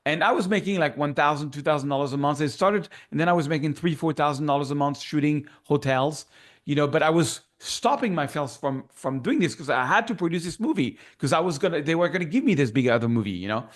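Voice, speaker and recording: A man's voice: on the high side, animated, quick pace. A man with a French accent, a guest in a casual interview, telling his story with animation and acting out remembered dialogue. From France.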